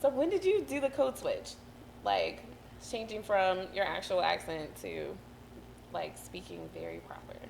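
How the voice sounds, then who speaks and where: A woman's voice: lowish voice, huge pitch swings, unhurried, gravelly, darkish tone, slight background noise, poor audio. A woman from Atlanta with a mild Atlanta accent, hosting an interview in a chatty, giggly, affirming way. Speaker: host. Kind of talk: casual interview talk.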